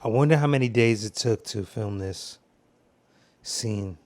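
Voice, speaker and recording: A man's voice: on the low side, a little slow, a little mellow. A man giving casual film commentary, telling rambling, profane stories.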